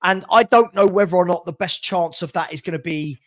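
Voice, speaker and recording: Brisk and a bit bright, this high-sitting male voice belongs to a fan-channel host who heatedly rants about his football club. He keeps repeating himself, tripping over words, and laughs a lot.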